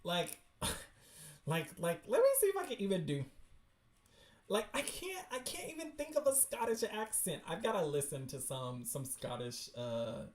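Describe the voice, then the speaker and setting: A man hosting a livestream, excitedly reading webcomics aloud and reacting with slangy chatter and frequent laughs. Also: high-pitched, moderate pace, reverberant.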